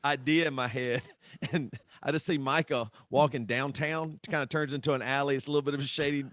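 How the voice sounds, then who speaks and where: A man in a casual podcast chat, telling animated stories, laughing often and swearing casually. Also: mid-range voice, a little fast, no echo, studio quality. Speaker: podcast co-host or guest.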